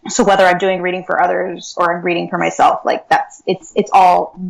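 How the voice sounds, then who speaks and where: A woman's voice: fairly low pitch, level tone, brisk, creaky, poor audio. A woman speaking as an interview guest, talking earnestly in a casual way with many fillers like "like" and "um". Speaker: guest, akashic records reader and teacher.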